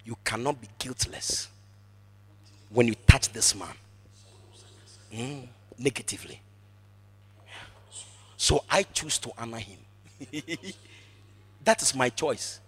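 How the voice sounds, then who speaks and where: A man preaching a sermon emphatically, repeating phrases for emphasis and swinging from hushed asides to shouted exclamations. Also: medium pitch, expressive, takes it slowly, long pauses, husky.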